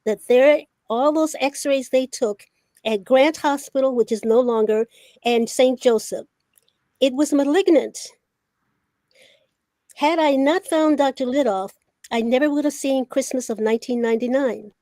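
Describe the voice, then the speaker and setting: An older woman, a veteran journalist appearing as a talk show guest, recounts career stories in casual conversation and acts out the dialogue she remembers. Her voice sits high, her pace is measured, and there's no room sound.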